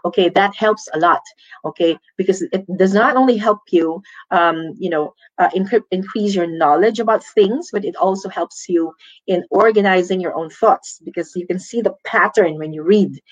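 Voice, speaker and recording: A woman's voice: lowish voice, moderate pace, highs cut off. A woman with a Filipino accent giving a lecture as a teacher, checking in often with "okay?" and "right?". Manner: ends points with tag questions like "okay?". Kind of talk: lecture on communication skills.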